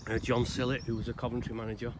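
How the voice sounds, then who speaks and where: A man's medium-pitched, flatly delivered voice rambles conversationally outdoors with many pauses. He is a grave-visiting vlogger from Salford, England, recording a casual spoken tribute and storytelling in a cemetery, with outdoor noise behind him.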